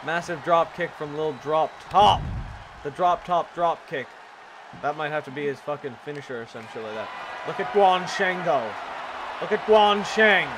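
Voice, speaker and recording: A man calls a video game wrestling match in casual play-by-play, joking and cursing as he goes. His voice sits high and keeps jumping into excited shouts. Loud crowd noise and game sounds fill the recording behind him. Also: moderate pace. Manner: excitable, profane, jokey, frequent shouts and laughs. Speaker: gaming YouTuber doing wrestling commentary. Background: video game arena crowd.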